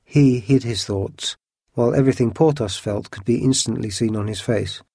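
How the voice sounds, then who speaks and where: A man narrating a classic adventure story in an even, measured storytelling manner. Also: mid-range voice, gravelly, breathy edge, no room sound, studio quality. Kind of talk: storybook reading.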